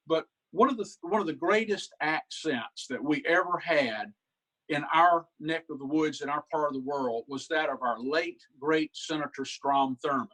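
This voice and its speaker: Southern man, humorist, easygoing chatty storyteller, slightly high pitch, video call. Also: fairly bright tone, rough recording. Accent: Southern US, South Carolina. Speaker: humorist and inspirational speaker. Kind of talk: folksy comedic storytelling.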